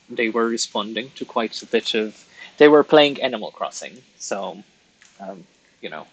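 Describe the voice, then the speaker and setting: A man's voice: on the low side, a bit bright, slightly rough, poor audio. A man chatting casually with his viewers while colouring on a live stream, rambling and laughing at himself.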